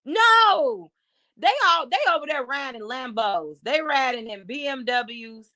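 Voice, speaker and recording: Animated bright-voiced woman telling stories. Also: sits high, unhurried, no echo, clean studio sound. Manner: animated, laughing, does voices. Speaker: podcast guest, businesswoman. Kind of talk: casual chat, storytelling.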